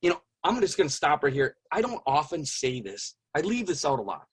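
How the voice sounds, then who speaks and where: Middle-aged man, husky timbre, earnest interview storyteller, hushes at the intense beats. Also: on the high side, sing-song, brisk. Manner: earnest, repeats phrases for emphasis, drops to a hush at intense moments. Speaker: guest telling his near-death experience.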